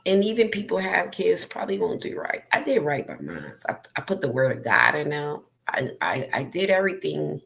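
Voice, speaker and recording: A middle-aged woman talks straight to her viewers, slow and deliberate, her low voice full of gravel. She speaks earnestly and with feeling, telling a personal story. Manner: slow, earnest and emotional, addressing viewers directly. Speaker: vlogger.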